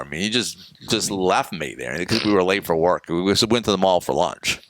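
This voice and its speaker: A man's voice: deep voice, animated, brisk, hardly any pauses, a bit bright. A man co-hosting a casual chat, rambling through stories and acting out the voices of the people in them, recorded on a close dry mic. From northeastern United States. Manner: rambling storyteller, acts out quoted voices. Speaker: podcast co-host.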